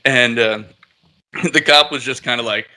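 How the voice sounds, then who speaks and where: Brief: man, very bright tone, easygoing podcast storyteller who curses freely. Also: mid-range voice, unhurried. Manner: laid-back, swears often, laughs at own story. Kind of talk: casual storytelling.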